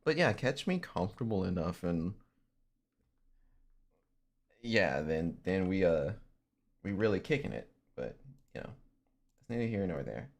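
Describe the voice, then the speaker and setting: A man chats loosely to his stream, his pitch bouncing up and down as he goes. He swears freely and keeps breaking into laughter. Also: unhurried, pauses often. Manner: animated and swearing, laughs often. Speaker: livestreamer. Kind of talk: casual stream chat.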